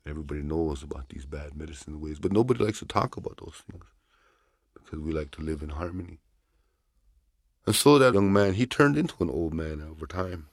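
A man telling a traditional story aloud in a gentle, folksy, unhurried way. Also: a bass voice, vocal fry, slightly rough, no room sound, studio quality.

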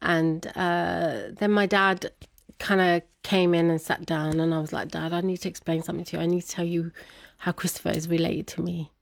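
A woman with a slightly low voice tells a personal story in an interview, often laughing and lifting her voice when she quotes her family. The sound is dry and close. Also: normal speed, vocal fry, no room sound. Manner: laughs often, animated when quoting others. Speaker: guest.

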